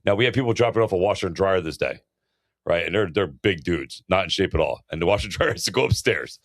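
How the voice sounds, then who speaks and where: Animated man telling crude stories. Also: deep voice, fast, no echo, clean studio sound. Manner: animated, crude, acts out quotes in a raised voice. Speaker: podcast co-host. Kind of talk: casual chat, storytelling.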